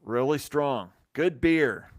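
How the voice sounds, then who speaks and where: A man hosting a live stream, telling a rambling, animated anecdote full of restarts and acted-out quotes. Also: mid-range voice, takes it slowly, no room sound, clean studio sound. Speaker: brewery company host. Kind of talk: casual storytelling on a live stream.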